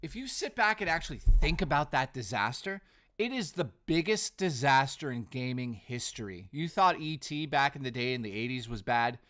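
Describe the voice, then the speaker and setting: A man hosting a casual live stream from home, talking in an animated, ranting way while reading out chat messages and thanking supporters. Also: medium pitch, normal speed. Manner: animated, ranting, bursts of laughter. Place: home living room.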